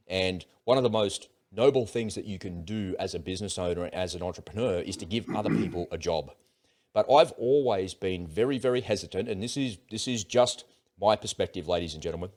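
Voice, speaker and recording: A man's voice: on the low side, darkish tone. A middle-aged Australian man hosting his own channel, ranting in a blunt, profane, confrontational monologue. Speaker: channel host. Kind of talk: personal rant monologue.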